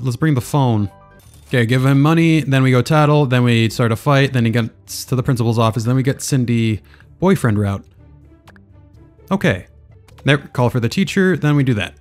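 Casual man thinking aloud while gaming. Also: medium pitch. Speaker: gaming video creator. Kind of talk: let's play gaming commentary.

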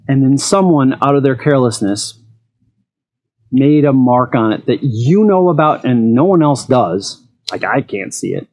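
A man's voice: medium pitch, animated, measured pace, a little mellow. A man hosting an eFoil channel, talking frankly in a casual monologue and telling personal stories.

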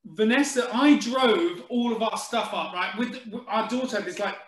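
Blunt jokey man with a high voice. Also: moderate pace, fairly bright tone, echoey room. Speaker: actor guest. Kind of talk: casual chat.

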